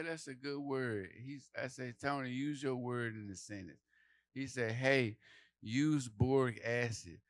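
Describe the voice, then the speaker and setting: A man performing a stand-up comedy set for a live audience, telling stories loudly and playing out the quotes. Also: mid-range voice, unhurried. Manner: loud, animated storytelling with acted quotes.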